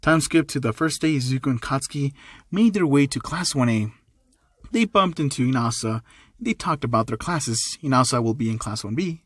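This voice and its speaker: A man narrates an amateur fan story in a plain, repetitive way, at a middling pitch. His voice sounds dry and close, with no room echo. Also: animated, moderate pace, a bit bright, breathy edge.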